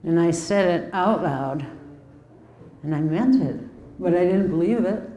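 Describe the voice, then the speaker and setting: Low-voiced woman telling her recovery story. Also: measured pace, mellow, echoey room, rough recording. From Milwaukee, US Midwest. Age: 50s. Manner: candid, conversational storytelling with wry asides. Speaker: recovery speaker. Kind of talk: personal recovery testimony.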